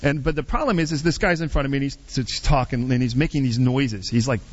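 A middle-aged man preaching a sermon through a personal story, animated and rambling, with many restarts and asides. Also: mid-range voice, fast talker, highs cut off.

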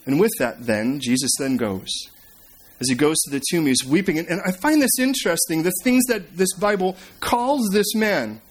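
A man preaching a sermon, retelling scripture as a story and swinging between emphatic and hushed delivery. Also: fairly high pitch, lively intonation, moderate pace, slightly rough. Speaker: pastor.

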